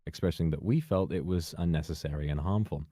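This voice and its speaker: A man reading a prepared public statement in a measured, formal, carefully worded way. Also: deep voice, warm tone, dry recording, studio quality. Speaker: person giving a public statement.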